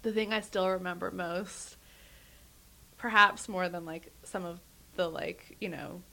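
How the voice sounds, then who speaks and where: A woman talking in a relaxed podcast chat, a museum educator telling laughing stories and acting out quoted voices. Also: fairly low pitch, unhurried, vocal fry. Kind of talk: casual chat.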